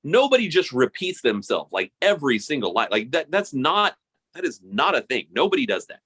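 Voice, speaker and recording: A man co-hosting a podcast in casual chat, animated and laughing often, repeating words as he starts sentences. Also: mid-range voice, a little fast, slightly rough. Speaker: podcast co-host.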